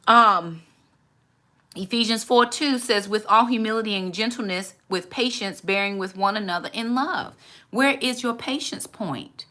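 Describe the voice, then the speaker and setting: A woman, hosting a casual faith talk and switching into quick high voices to act out other people. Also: bright, forceful tone. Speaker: channel host, mother giving faith advice.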